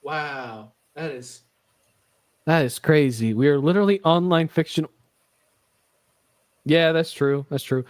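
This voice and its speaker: A man's voice: on the high side, unhurried, long pauses. A man hosting a casual podcast, rambling and joking with lots of swearing. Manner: rambling, profane and jokey. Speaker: podcast host.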